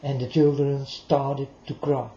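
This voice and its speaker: A man speaks a little slowly in a level, warm, medium-pitched voice, preaching to his listeners directly as he rambles and repeats himself. The lo-fi recording is dull and roomy, with a little hiss or hum.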